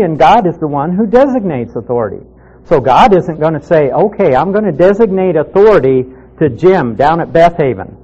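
A man leads a Bible study, first reading a passage and then explaining it step by step. His voice sits a little high but sounds mellow and relaxed. The recording is somewhat dull and lo-fi. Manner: steady, methodical teaching with reading aloud. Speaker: Bible teacher.

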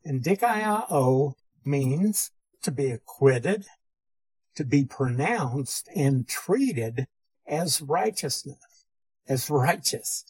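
Slow, husky-voiced male Bible teacher. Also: medium pitch, animated, darkish tone, poor audio. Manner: methodical, defines terms and repeats key phrases. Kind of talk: theology lecture.

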